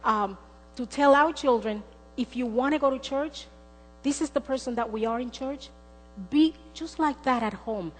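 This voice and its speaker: A middle-aged woman with a high-sitting voice preaches a sermon in a church sanctuary at a moderate pace. She is earnest and tells stories, acting out the voices of the people in them. The recording has a long church-hall reverb, mains hum and faint music.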